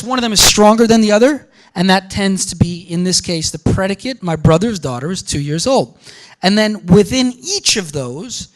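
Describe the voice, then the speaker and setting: Male linguistics lecturer, higher-pitched voice, energetic, emphatic classroom delivery. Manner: animated, repeats words for emphasis, asks "okay?" and "yeah?" to the room. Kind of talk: university lecture.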